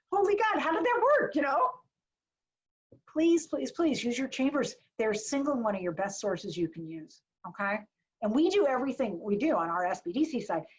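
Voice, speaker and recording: Animated woman advising on a lo-fi call. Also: a little high. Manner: animated, chatty, blunt asides and jokes. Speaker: small business marketing advisor. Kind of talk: casual webinar talk. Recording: dull lo-fi webinar audio.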